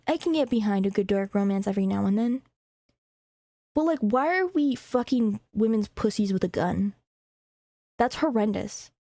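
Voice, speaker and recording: A woman's voice: medium pitch, warm tone, no echo, studio quality. A young woman streamer chatting casually, rambling, swearing freely and laughing often. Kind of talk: casual chat.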